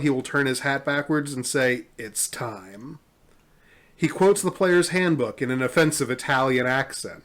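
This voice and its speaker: A man co-hosting a podcast in casual chat, reading memes aloud with a wry, amused manner and frequent laughs. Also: mid-range voice. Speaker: podcast co-host.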